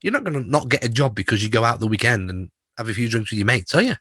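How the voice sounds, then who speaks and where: A man's voice: mid-range voice, expressive, fast, fairly bright tone, husky, no echo, studio quality. A man co-hosting a podcast in a casual chat, telling stories and laughing often. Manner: chatty storyteller who laughs often. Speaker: podcast co-host.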